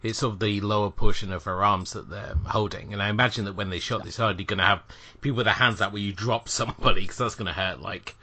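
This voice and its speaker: A man co-hosting a film podcast, chatting casually and thinking aloud with quick asides. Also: on the low side, fairly even intonation, bright, forceful tone. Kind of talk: casual chat.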